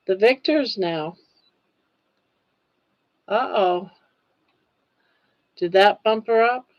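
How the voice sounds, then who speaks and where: Slow-talking older woman livestreaming. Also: medium pitch, dry recording, highs cut off. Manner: chatty, laughs often, emotional and touched. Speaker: livestream host. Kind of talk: casual livestream chat, reading comments aloud.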